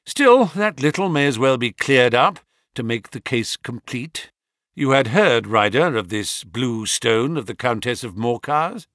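A man's voice: medium pitch, lively intonation, measured pace, a bit bright, dry recording, clean studio sound. A man doing a stern, commanding detective. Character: stern, cool-headed male detective. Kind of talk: audiobook character reading.

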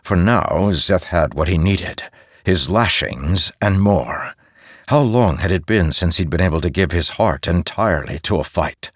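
A man narrating a fantasy audiobook in an expressive storytelling way, close to a studio mic. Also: low-pitched, measured pace, dry recording.

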